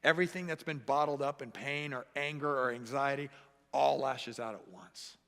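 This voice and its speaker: A man preaching a sermon as pastor, animated and acting out the voices he quotes. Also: medium pitch, normal speed. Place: church sanctuary. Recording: echoey church hall.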